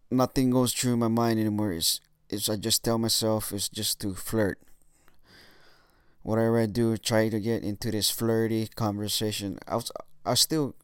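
A man's voice: on the low side, clean tone, no room sound, studio quality. A young man giving casual dating tips in a monologue, swearing often and using lots of fillers. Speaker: dating coach vlogger.

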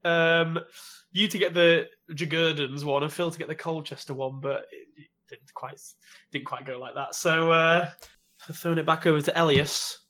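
A man's voice: on the high side, steady tone, normal speed, bright, forceful tone. A man hosting a casual football quiz, calling on players and confirming their answers. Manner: calls names, confirms answers, lists teams. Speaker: quiz host.

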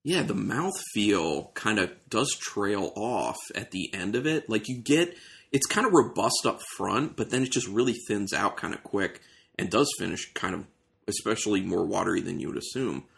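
A man's voice: on the low side, animated, normal speed, vocal fry, fairly bright tone. A man hosting a casual beer tasting, describing aroma and flavor as he thinks aloud. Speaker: beer reviewer host.

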